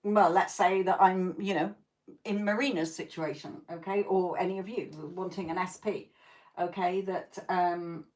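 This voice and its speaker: A woman's voice: fairly low pitch, steady tone, normal speed, darkish tone. A woman hosting a live tarot stream who chats with viewers in a blunt, profane way, laughs often, and keeps checking in with "okay?". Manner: coaching, repeats "okay?" to check in.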